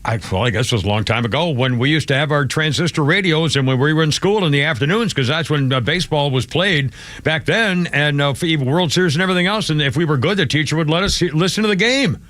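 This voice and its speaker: An older man hosting a radio talk show, excitable and indignant, swearing as he rants. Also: a little high, quick pace, no room sound.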